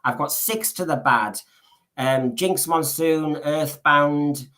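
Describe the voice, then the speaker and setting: A man's voice: a little high, slow pace, bright, forceful tone. A man co-hosting a podcast in casual chat, rambling along and often restarting his sentences with repeated words. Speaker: podcast co-host.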